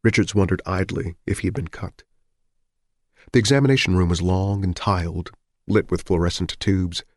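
A man narrating a novel in an even, measured audiobook reading. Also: low-pitched, dry recording, studio quality.

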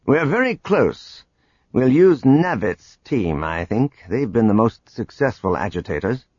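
A man voicing a calm, calculating male military strategist who explains his plans. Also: medium pitch, unhurried, breathy edge, no room sound, lo-fi sound.

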